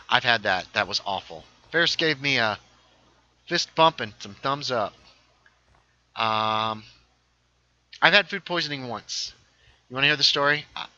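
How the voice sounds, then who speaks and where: Bright-voiced man thinking aloud on a livestream. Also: mid-range voice, lo-fi sound. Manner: thinks aloud while building, reads viewer chat aloud. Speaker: livestream host. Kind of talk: casual gaming livestream chat.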